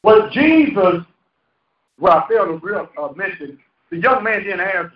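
A high-voiced male pastor preaches in a folksy, joking way and keeps quizzing his congregation. His voice is caught from some distance in a roomy hall, and the sound is dull. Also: lively intonation, a little slow. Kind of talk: preaching a sermon. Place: church hall. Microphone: handheld microphone.

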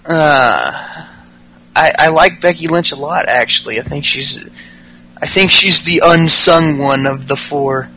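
A man's voice: fairly high pitch, a little slow, bright, forceful tone, low-quality recording. A man hosting a podcast, recapping wrestling in casual, profane chat with frequent laughs. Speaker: podcast host.

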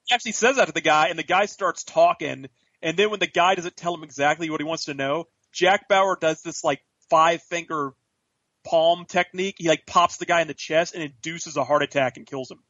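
Animated swearing man retelling scenes. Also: a little high, fairly quick, no echo, muffled recording. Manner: animated storyteller, swears, acts out quotes. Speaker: podcast co-host. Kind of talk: casual chat.

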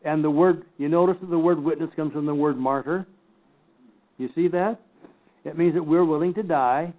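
An older man teaching a Bible class, slowly and emphatically picking apart scripture word by word. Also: on the high side, fairly even intonation. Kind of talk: Bible study lecture. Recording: tinny phone-like recording.

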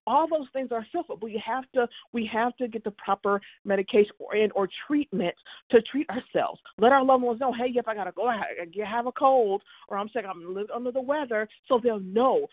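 This podcast co-host has a voice on the high side, and the dry recording has a tinny, phone-like quality. Talking casually about a soap opera, she speaks emphatically with clear exasperation, often restarting what she's saying.

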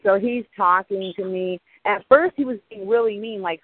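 Animated woman on a tinny phone line. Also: medium pitch, moderate pace, hardly any pauses, no echo. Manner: animated, retells conversations in quoted voices. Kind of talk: casual storytelling on a call-in show.

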